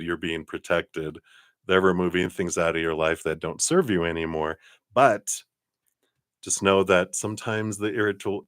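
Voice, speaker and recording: A man giving a live tarot card reading in a relaxed, chatty way, often laughing. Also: low voice, dry recording, clean studio sound.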